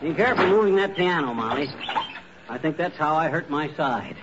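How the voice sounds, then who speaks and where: An actor playing a fussy middle-aged husband groaning about a made-up injury, in 1940s radio comedy style. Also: male voice, a little high, expressive, brisk, background noise, natural voice. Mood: complaining. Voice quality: blustery, whiny groaning. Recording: dull old radio recording with studio audience.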